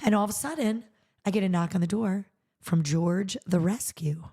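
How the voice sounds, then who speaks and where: Medium-pitched, warm, and moderately paced, this voice belongs to a middle-aged charity founder and podcast host. In conversation she shares a personal story, animatedly performing the dialogue she quotes.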